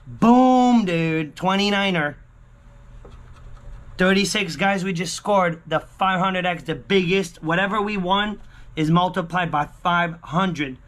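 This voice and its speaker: A man vlogging a lottery scratch-off, talking excitedly to his viewers, repeating exclamations and swinging from hushed murmurs to yelling. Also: high voice, measured pace. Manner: exclamatory, keeps repeating himself and calling out to viewers. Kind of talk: excited casual vlog commentary.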